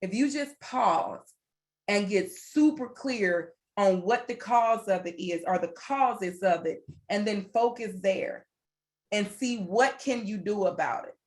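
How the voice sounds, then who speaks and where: A woman's voice: medium pitch, takes it slowly, a little mellow. This is a woman presenting a workplace wellness session online. She talks through a computer mic in an earnest, encouraging tone. She builds her points by repeating phrases, one after another. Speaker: webinar presenter. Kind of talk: motivational webinar talk.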